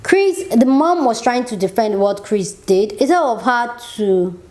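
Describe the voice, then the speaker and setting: A woman's voice: fairly high pitch, lively intonation, a little slow, a little mellow. A woman giving a casual, opinionated reaction review of a TV show, chatty and exasperated, with frequent "like" fillers.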